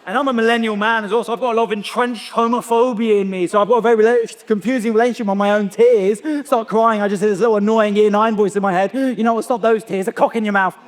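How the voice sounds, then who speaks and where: A man's voice: high-pitched, fairly even intonation, fast talker, few pauses. A man in his thirties, a stand-up comedian telling a self-deprecating story on stage and acting out his own thoughts. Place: live comedy venue. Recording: long reverb of a performance hall.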